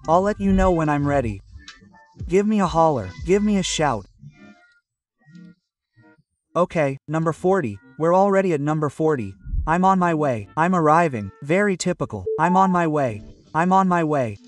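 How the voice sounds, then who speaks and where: A man's voice: on the high side, lively intonation, normal speed, soft background music. Man drilling English phrases, a bit distant. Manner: repeats phrases over and over, drilling pronunciation. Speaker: English pronunciation teacher. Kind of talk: phrase-by-phrase language lesson.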